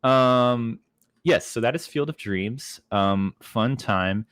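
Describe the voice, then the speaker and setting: A young man co-hosting a podcast, chatting casually and filling pauses with ums. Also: medium pitch, clear, resonant tone, dry recording, studio quality. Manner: relaxed, chatty, frequent ums. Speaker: podcast co-host. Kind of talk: casual chat.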